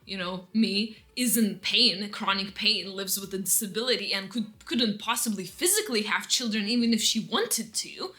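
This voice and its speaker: A woman's voice: medium pitch, moderate pace, few pauses, bright, forceful tone. A woman telling an emotional story-time rant, rambling and full of restarts, with bitter laughter breaking through her anger. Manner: rambling, restarts often, lots of "like" and "you know". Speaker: vlogger.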